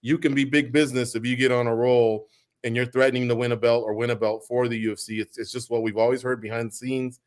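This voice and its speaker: A man's voice: medium pitch, flat delivery, fast talker. A man hosting a radio show, asking long, winding questions in a chatty way and wrapping up the interview.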